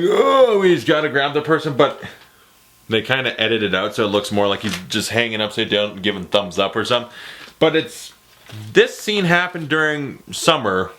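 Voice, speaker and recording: Bright, excitable man ranking movies. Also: fairly low pitch, fairly quick. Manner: excitable, jokey, profane. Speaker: movie reviewer. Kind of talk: casual movie ranking vlog.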